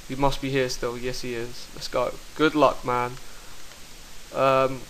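A young man commentating his own online game fights, excitable and quick to swear, talking into a headset mic. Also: medium pitch, a little hiss or hum, rough recording. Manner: excitable, swears, bursts into shouts. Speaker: gaming commentator. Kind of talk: live gameplay commentary.

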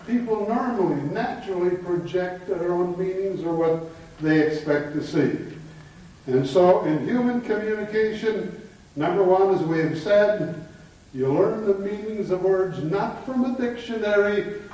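A man's voice: high-pitched, unhurried, darkish tone. A man giving a classroom lecture to students, mixing in jokes and chuckling at his own punchlines. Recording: echoey hall from far off.

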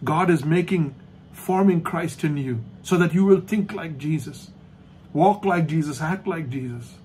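A man preaching a sermon as pastor, emphatic and repetitive, slowing down to stress points and dropping to a soft hush at the end of each thought. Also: fairly high pitch, slight background noise. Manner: emphatic, repeats key phrases, slows down for stress. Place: online church service.

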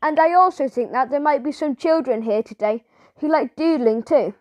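A woman voicing a chatty, friendly factory owner with a high, lively voice, talking easily to a group of children. The sound is dry and close-miked. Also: normal speed, no room sound, close to an everyday voice.

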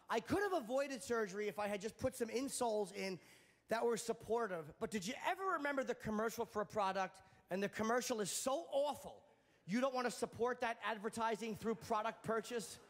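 A man doing a stand-up comedy set on a club stage, sardonic and profane, landing his punchlines deadpan. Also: high-pitched, fairly quick.

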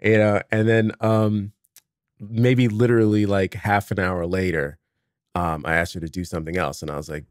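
A man's voice: deep voice, normal speed, no echo, studio quality. A middle-aged man hosting a podcast, telling a family story in casual conversation and acting out the dialogue. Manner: animated storytelling, acts out dialogue. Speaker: podcast host.

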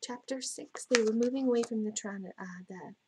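A woman teacher reading a storybook aloud to children, slow and gentle, often dropping to a whisper. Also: a little high, background noise.

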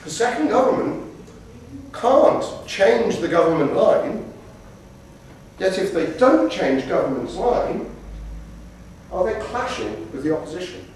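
A lively man lecturing students on debating, his voice fairly high and acting out little quotes along the way. He sits well back from the microphone in a very echoey hall. Faint room noise hangs behind him. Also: a little slow, pauses often. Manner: animated storyteller, acts out quotes. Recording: roomy hall from a distance.

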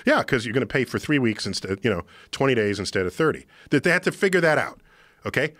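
A man explaining something to a podcast host in an emphatic, excitable lecturing manner. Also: mid-range voice, fast, dry recording. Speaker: podcast guest. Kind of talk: animated explanation in conversation. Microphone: studio podcast microphone.

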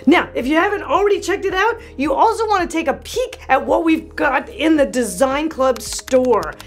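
Woman, high voice, interior designer, gushing, excited exclamations, faint background music. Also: normal speed. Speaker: interior designer and channel host. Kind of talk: enthusiastic product review vlog.

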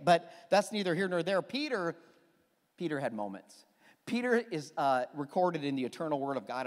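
A man preaching a sermon as pastor, emphatic and animated, with quick asides to the congregation. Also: a little high, big-room sound.

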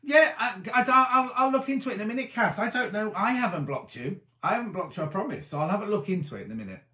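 On a casual live stream, a weary man rambles on, answering comments he reads aloud in a chatty way. He talks fast in a high-pitched, animated, pushed and bright voice, and the recording is reverberant.

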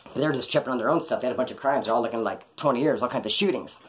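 A man's voice: mid-range voice, very fast. A man telling stories from his past in a casual, rambling, slangy way. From California, USA. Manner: rambling, slangy, acts out quoted voices. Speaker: storyteller recounting his past. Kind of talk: casual storytelling on a live stream.

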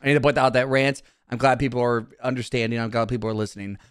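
A man's voice: mid-range voice, flat delivery, fast. A male streamer in a casual live-stream rant, talking in a heated, profane, repetitive way.

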